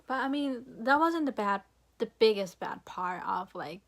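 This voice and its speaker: A woman's voice: a little high, animated, measured pace. A young woman vlogging a casual, rambling rant, frustrated and full of fillers and swearing.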